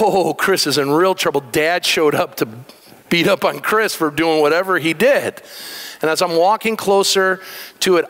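A man's voice: fairly high pitch, fairly bright tone. A middle-aged man, a pastor, preaching a sermon by telling a personal story with emotion and voiced quotes. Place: church sanctuary. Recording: long hall reverb.

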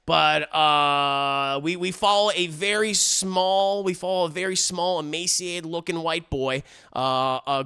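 Man, casual live-stream movie review, rambling and repetitive, slightly high, very bright, clear voice. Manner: rambling, repeats words, swears casually, addresses chat.

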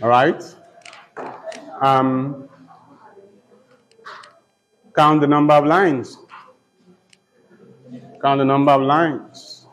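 A man teaching a poetry lesson, speaking slowly and repeating key points, often checking in with "okay?" and "all right?". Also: mid-range voice, steady tone, fairly bright tone, a little hiss or hum, rough recording. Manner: slow, repetitive, checks in with "okay?". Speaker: literature teacher. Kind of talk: classroom lecture.

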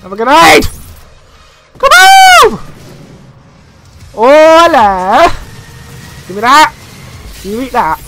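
A young man playing a shooter game, swearing and shouting trash talk at the enemies as he plays. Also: extremely high pitch, animated, slow pace, long pauses, noisy background. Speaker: gamer. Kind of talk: let's play commentary.

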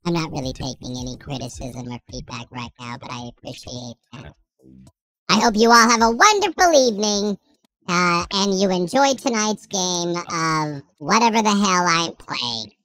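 A woman's voice: fairly low pitch, lively intonation, normal speed, fairly bright tone, poor audio. A woman on a livestream speaking in a dry, offhand, breezy way. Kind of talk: comedic stream chat.

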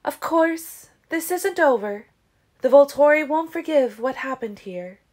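A woman's voice: high-pitched, animated, unhurried, voice pushed up. A woman voicing a fierce, sarcastic female vampire leader in an audiobook reading. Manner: sarcastic, forceful, laughing.

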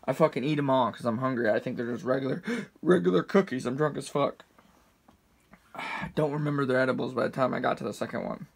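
With a creaky, husky voice and a fairly quick pace, a twenty-something vlogger rambles through a casual, heavily profane story. He restarts, drifts into asides, and acts out quoted voices with big pitch jumps.

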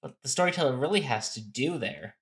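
A man's voice: mid-range voice, animated, a little fast, a bit bright. A man co-hosting a casual game-strategy talk, explaining step by step and thinking aloud with restarts. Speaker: co-host.

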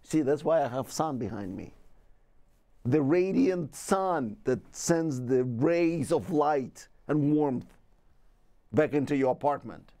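A man's voice: a little high, expressive, slow, warm tone. A man hosting a comedic talk show, delivering a playful, rambling monologue with asides.

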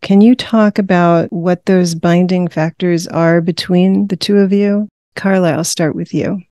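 A woman interviewer with a lowish, warm voice asks measured, affirming questions. The sound is dry and close. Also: steady tone, no echo.

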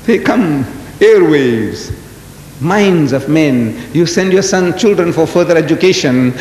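A man in his seventies giving a lecture to an audience, telling stories in an animated way and firing off rhetorical questions. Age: 70s. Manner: animated storytelling, rhetorical questions, emphatic jumps in pitch. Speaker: Islamic lecturer. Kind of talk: lecture delivered to a live audience. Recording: roomy hall reverb, faint background rumble.

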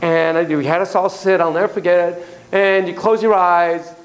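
Speaking at an ordinary speed, this university lecturer on psychotherapy has a fairly high male voice, and the recording quality is poor. His stories are relaxed and poke fun at himself, wandering into frequent asides, and he performs each quoted voice with lively flair.

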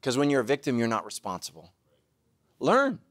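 A middle-aged man preaching a sermon, self-mocking and animated, now and then bursting into shouts. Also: medium pitch, fairly quick, dry recording, studio quality. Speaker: pastor.

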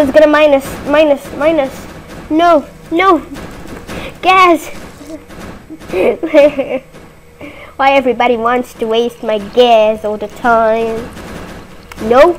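A woman giving playful gameplay commentary, giggly and easily panicked, bursting into shrill cries of no. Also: slow pace, long pauses, a little hiss or hum, low-quality recording. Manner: excitable, breaks into high panicked shrieks of "no"; giggly and playful between outbursts. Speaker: gaming video host.

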